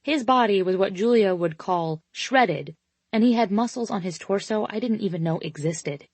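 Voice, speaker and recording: A woman narrating a romance audiobook in first person, steady and intimate. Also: mid-range voice, moderate pace, no echo.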